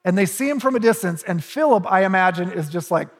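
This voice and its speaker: High-voiced husky male preacher. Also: animated, fast, long reverb tail. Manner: conversational storytelling with humorous asides. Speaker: pastor. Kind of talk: sermon.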